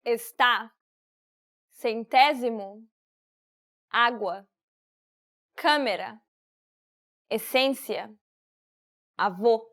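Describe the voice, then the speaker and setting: Woman slowly pronouncing single words. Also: fairly high pitch, a bit bright. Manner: careful, deliberate single words. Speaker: native speaker model. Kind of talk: slow word pronunciation drill.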